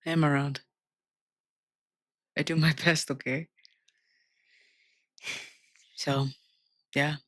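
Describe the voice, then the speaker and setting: A woman's voice: low voice, little pitch movement, drawn-out words, long pauses, no echo, studio quality. A young adult woman co-hosting a podcast, chatting casually with a breezy, joking manner. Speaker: podcast co-host. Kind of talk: casual chat.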